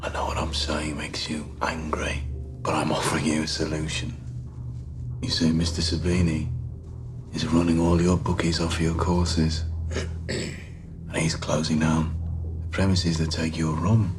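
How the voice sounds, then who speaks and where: A cold, very deep Birmingham gang boss. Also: male voice, measured pace, long pauses, music in the background. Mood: cold calm. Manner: quiet, clipped, flat and controlled. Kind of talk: TV crime drama acting. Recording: steady background noise.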